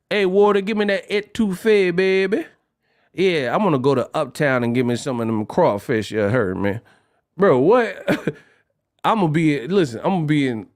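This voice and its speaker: A man hosting a boxing livestream, chatting casually with playful shout-outs and stories. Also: medium pitch.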